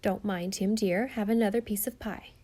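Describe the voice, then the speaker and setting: A woman voicing a calm, smiling country aunt in a storybook reading. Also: mid-range voice, normal speed, natural voice. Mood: soothing. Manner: calm, placid.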